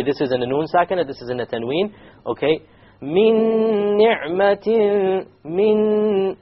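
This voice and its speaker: Male teacher, husky and fairly high, patient recitation lesson, muffled lo-fi sound. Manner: patient, repetitive, quizzes the class; slowly demonstrates recited words.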